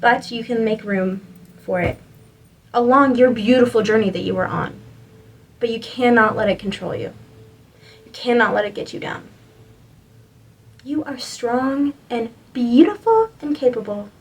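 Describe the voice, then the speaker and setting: A woman's voice: on the high side, a little slow, long pauses, slightly rough, recorded from a distance, poor audio. A young woman giving a spiritual reading to camera, earnest and encouraging, rambling with lots of "like"s. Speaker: spiritual reader.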